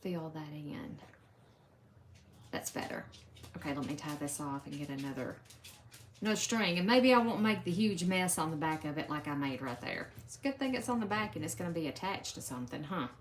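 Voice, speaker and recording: A woman with a Southern US accent chatting casually to viewers on a live stream from home as she stitches. She talks to them as "y'all" and drops into soft murmurs while she works. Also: low-pitched, lively intonation, brisk, slight background noise. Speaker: craft live-stream host.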